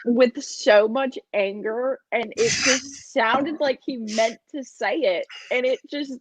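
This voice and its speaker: A woman's voice: on the high side, takes it slowly, slight background noise, low-quality recording. A woman chiming in on a casual podcast chat, chatty and teasing.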